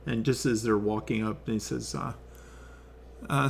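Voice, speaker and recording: A man narrating as game master over an online call, halting with many fillers. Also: mid-range voice, steady tone, creaky, a little hiss or hum.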